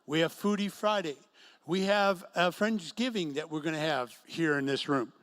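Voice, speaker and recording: A man's voice: on the high side, normal speed, a bit bright. A middle-aged man preaching a sermon to a singles group in an event room, telling stories and acting out quotes. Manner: storytelling with acted quotes. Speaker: pastor.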